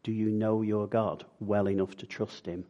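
Low-voiced male preacher asking questions. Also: little pitch movement, moderate pace, mellow, dull audio. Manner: conversational, asks the congregation questions. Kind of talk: sermon.

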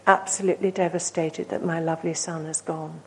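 A woman preaching a sermon, earnest and storytelling, swinging from emphatic peaks to hushed, near-whispered asides. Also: low-pitched, flat delivery, fairly quick, slightly rough, poor audio. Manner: earnest, rising to emphatic then dropping to hushed.

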